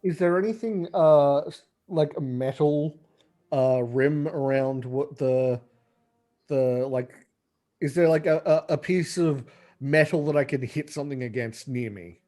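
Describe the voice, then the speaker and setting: A man playing in a tabletop game, talking casually with halting questions. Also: on the high side, dark tone. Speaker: player. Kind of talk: casual chat.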